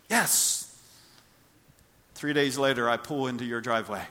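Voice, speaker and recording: A man preaching a sermon as pastor, animated, acting out little scenes and repeating words for emphasis. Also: medium pitch, measured pace, pauses often. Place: church.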